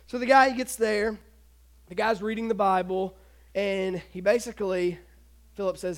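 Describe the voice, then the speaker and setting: A man giving a casual, animated youth sermon, retelling a story and acting out the voices of the people in it. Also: high-pitched, moderate pace. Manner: animated, acts out voices, laughs often.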